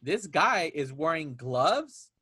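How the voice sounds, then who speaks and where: A man's voice: a little high, very animated, takes it slowly, pushed and bright, slight background noise. A man co-hosting a podcast, chatting about a film in a laid-back, jokey way. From Mexican-American. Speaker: podcast co-host. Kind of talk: casual movie chat.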